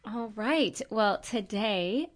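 A middle-aged woman co-hosting a podcast, telling a story in a chatty, relaxed way with many fillers. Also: medium pitch, drawn-out words. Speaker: podcast co-host. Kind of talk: casual chat and storytelling.

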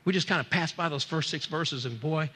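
Male pastor, fervent sermon, very bright sharp tone, long church reverb. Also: on the high side, fairly quick, a little hiss or hum. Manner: fervent preaching, swinging from loud to hushed.

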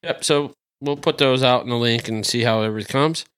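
A man's voice: mid-range voice, a little fast, a bit bright, clear, resonant tone. A man co-hosting a casual podcast, easygoing and thinking aloud as he goes. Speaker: podcast co-host.

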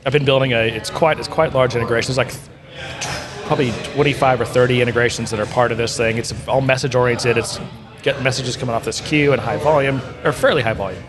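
Over background music, a man co-hosting a podcast talks fast in a medium-pitched, fairly even voice. A software integration developer, he rambles and corrects himself while enthusiastically explaining integration work in a casual technical chat.

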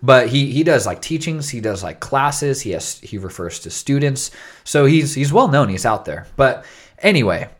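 A man's voice: mid-range voice, sing-song, moderate pace. A man hosting a casual podcast chat, explaining at length with many fillers and restarts.

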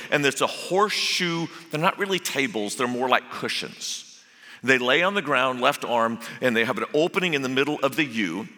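A man's voice: mid-range voice, pushed and bright. A man giving a sermon as a guest preacher, telling the story with humor. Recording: echoey hall.

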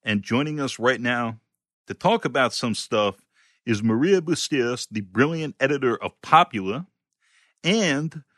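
A man hosting a podcast in a casual, friendly way, slightly halting and using fillers. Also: mid-range voice, lively intonation, a bit bright, dry recording, clean studio sound. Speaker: podcast host.

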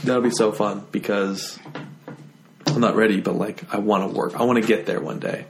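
Fast-talking, slurring podcast host man. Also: fairly low pitch, steady tone, background noise. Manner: fast, slurred, loose enunciation. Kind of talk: casual chat.

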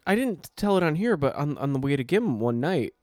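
A man's voice: on the high side, very animated, fairly quick, a little mellow, dry recording, studio quality. A man co-hosting a casual chat, animatedly acting out quotes from people he met on the street. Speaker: podcast co-host. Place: New York.

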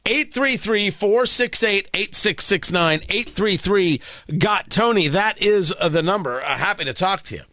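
A man's voice: high-pitched, expressive, unhurried, sharp tone, no room sound. A man hosting a talk radio show, delivering an opinionated, sarcastic and combative monologue into a studio microphone.

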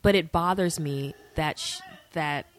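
A woman's voice: sits low, unhurried, slight background noise. A woman co-hosting a casual podcast from her couch, emphatic and opinionated. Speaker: podcast co-host. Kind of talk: casual chat watching a show. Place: home couch.

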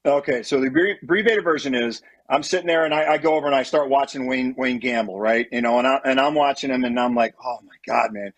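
A middle-aged man, a former pitcher and guest, telling long rambling stories with lots of "you know" and restarts. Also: fast, hardly any pauses, no echo. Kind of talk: casual storytelling.

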